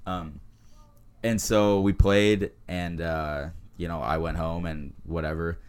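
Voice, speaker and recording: Very deep-voiced young man telling stories. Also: steady tone, slow pace, smooth. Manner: laid-back storytelling with frequent laughs and fillers. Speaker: guest. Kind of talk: casual podcast chat.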